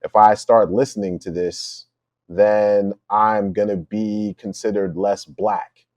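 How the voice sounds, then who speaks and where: A man co-hosting a podcast in casual talk. He thinks out loud in a reflective, rambling way. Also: fairly low pitch, steady tone, slow pace, no room sound. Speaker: podcast co-host.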